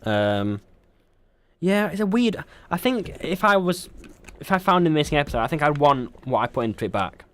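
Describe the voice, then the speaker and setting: A man's voice: on the high side, sing-song, normal speed, a bit bright, clear, resonant tone. A young man co-hosting a podcast in casual chat, rambling with frequent ums and restarts. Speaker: podcast co-host.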